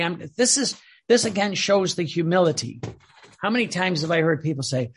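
A man's voice: a little high, expressive, moderate pace, creaky, slightly rough. A man giving a devotional teaching talk, earnest and emphatic, often repeating phrases. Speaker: religious teacher.

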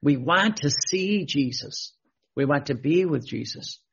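A man's voice: on the high side, animated, a little slow, vocal fry, fairly bright tone, slightly rough. A man preaching a sermon, repeating questions and restarting phrases as he teaches. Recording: dull lo-fi recording.

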